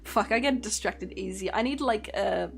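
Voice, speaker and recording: A woman's voice: medium pitch, normal speed, vocal fry. Young woman vtuber rambling on stream, laughs a lot, swears, faint music behind. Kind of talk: casual livestream chat.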